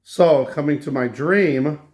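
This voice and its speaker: A man hosting his own channel, recounting a dream in a slow, halting casual monologue with many restarts. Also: fairly high pitch, a little mellow. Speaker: channel host.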